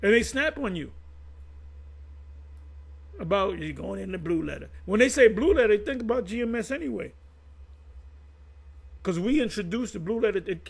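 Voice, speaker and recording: High-voiced gravelly man explaining scripture. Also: rough recording. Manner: conversational, repeats himself while reading and explaining words. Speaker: religious commentator. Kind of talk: informal religious commentary.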